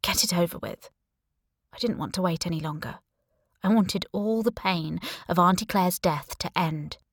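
A woman narrating a first-person thriller audiobook, with wry, even storytelling on a close studio mic. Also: lowish voice, moderate pace, dry recording.

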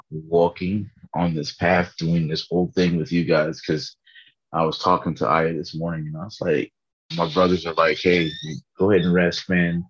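A man's voice: a bass voice, slightly rough, lo-fi sound. A tired man in a casual faith vlog, earnestly rambling about his morning prayer from his bedroom. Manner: earnest, rambling, laughs at himself.

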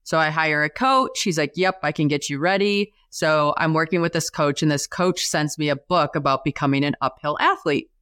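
A woman in her forties, a podcast guest telling her story in a lively way and acting out the voices she quotes. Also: moderate pace, hardly any pauses, clear, resonant tone, no echo, clean studio sound. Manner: animated, acts out quoted voices with big pitch jumps. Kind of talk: storytelling in a casual interview.

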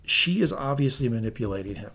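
A man co-hosts a fan podcast and recaps a TV episode with big, lively swings in pitch. He swears freely and slips into the characters' lines as he goes. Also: fast, creaky. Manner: animated, profane, quoting dialogue. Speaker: podcast co-host.

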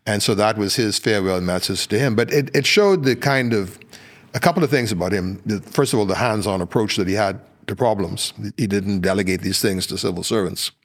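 On a podcast, a Bahamian-accented guest, an older man who once worked in politics, tells stories at a fairly quick clip. His voice leans low, and he keeps restarting sentences and dropping in fillers.

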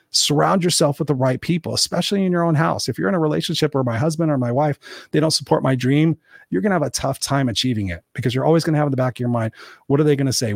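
Fast-talking motivational man. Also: medium pitch, dry recording, studio quality. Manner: energetic, coaching, swears casually; acts out quoted voices. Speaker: podcast host. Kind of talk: motivational solo talk.

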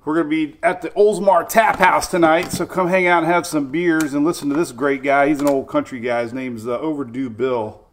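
A man's voice: on the high side, fairly even intonation, a little fast, few pauses, a little hiss or hum. A middle-aged man hosting a live weather stream, chatty and upbeat, greeting viewers by name. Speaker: weather show host.

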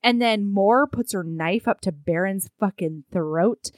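A woman co-hosting a casual chat, retelling a book's plot with animated delivery and acting out characters' lines. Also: medium pitch, measured pace, no room sound, studio quality. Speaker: podcast co-host recapping a book.

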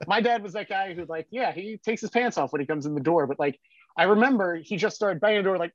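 A man's voice: sits high, lively intonation, fairly quick, no echo, muffled recording. A man from South Jersey, a podcast guest, telling stories in a rambling way full of fillers. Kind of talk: casual storytelling.

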